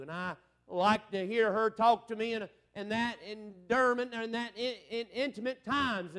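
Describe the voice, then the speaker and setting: Middle-aged preacher, man, high voice, fervent revival delivery. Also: a bit bright. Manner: fervent preaching with rising exclamations. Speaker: evangelist preacher. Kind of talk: revival sermon.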